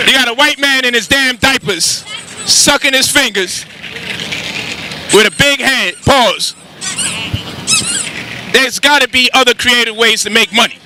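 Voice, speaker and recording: A man giving a street lecture with crude banter, animated and firing rhetorical questions at passers-by, outdoors on a city street. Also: very high-pitched, noisy background. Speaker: street speaker.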